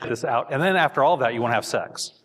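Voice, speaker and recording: A man's voice: mid-range voice, fast talker, fairly bright tone, long reverb tail. A middle-aged man speaking candidly to couples, joking and poking fun at himself. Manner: joking, self-deprecating. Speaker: seminar speaker.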